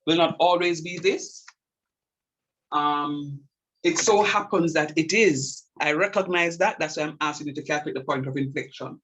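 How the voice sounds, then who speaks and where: Husky-voiced man teaching calculus. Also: on the high side, normal speed, a bit bright, low-quality recording. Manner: repeats key points emphatically and checks understanding. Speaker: calculus lecturer. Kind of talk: classroom math lecture.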